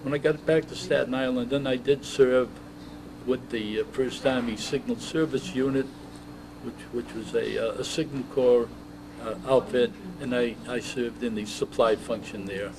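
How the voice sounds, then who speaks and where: Halting elderly veteran man. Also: medium pitch, steady tone. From United States. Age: 80s. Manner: halting, many uh's and restarts. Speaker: veteran interviewee. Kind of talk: oral history interview. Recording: noisy background.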